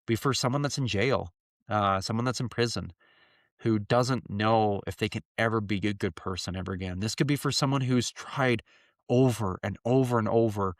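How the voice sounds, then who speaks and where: A man's voice: fairly low pitch, normal speed, no room sound, clean studio sound. A man in his thirties hosting a podcast in a casual solo monologue, talking earnestly and rambling with many fillers. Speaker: podcast host.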